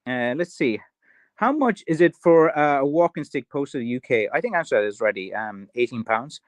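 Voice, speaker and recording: A man's voice: mid-range voice, lively intonation, fairly quick, dry recording. A middle-aged man with an Irish accent, chatting casually on a livestream, rambling with lots of filler and answering viewer comments. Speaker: livestream host, stick maker.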